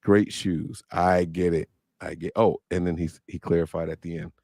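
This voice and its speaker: A man's voice: deep voice, little pitch movement, moderate pace, creaky, a little mellow, no room sound, studio quality. A man in his thirties, co-hosting a podcast in loose, joking, slangy chat. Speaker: podcast co-host. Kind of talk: casual livestream chat.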